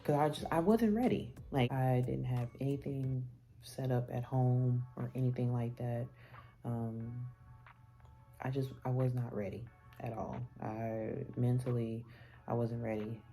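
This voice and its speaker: A woman with an unusually low, mellow voice recounts a personal story for her vlog. She talks in a candid, casual way, with plenty of "um"s and restarts. Soft music plays faintly underneath. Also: little pitch movement, a little slow. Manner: candid, conversational retelling with many fillers and restarts. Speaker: vlogger.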